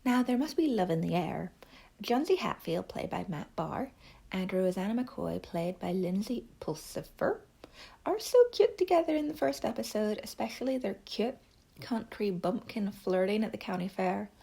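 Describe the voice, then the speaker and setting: A woman's voice: medium pitch, animated, normal speed, dark tone. Chatty young woman reviewing a series. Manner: chatty and enthusiastic, with breathy whispered asides. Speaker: book and TV reviewer. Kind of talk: casual video review.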